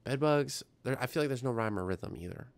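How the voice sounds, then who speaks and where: A man's voice: medium pitch, lively intonation, a little fast. A young man hosting a science livestream, chatting casually and rambling as he reads viewer comments aloud. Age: young adult. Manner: rambling, reads chat aloud, self-deprecating. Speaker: livestream science show host.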